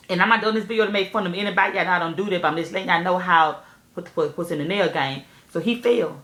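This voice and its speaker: A woman telling a story candidly to camera, animated and profane, speaking straight to her viewers. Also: fairly low pitch, racing, roomy sound. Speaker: nail technician vlogger.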